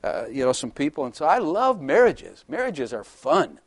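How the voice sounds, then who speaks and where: An older man preaches in a loose, joking way, laughing often between lines. His voice sits a little high for a man. The sound is dry and close, with no room echo. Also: huge pitch swings, normal speed. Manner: chatty, jokey, laughs often, acts out voices. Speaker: pastor. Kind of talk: humorous sermon.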